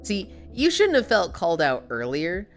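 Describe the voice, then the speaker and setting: Low-voiced nasal woman streamer, sarcastic. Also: huge pitch swings, normal speed, faint music behind. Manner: sarcastic and swearing, chatting to viewers. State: sick. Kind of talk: casual live-stream chat.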